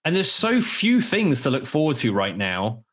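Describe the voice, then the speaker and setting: A man's voice: medium pitch, huge pitch swings, moderate pace, fairly bright tone. A man from South Africa guesting on a podcast, talking frankly and joking at his own expense. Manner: frank, joking, self-mocking. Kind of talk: casual chat.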